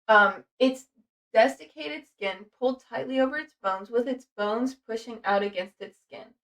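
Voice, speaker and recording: Reading her notes off the cuff, a young adult podcast host rambles, curses freely, and leans on fillers. Her voice is a little high and a bit bright, and she's recorded from a distance.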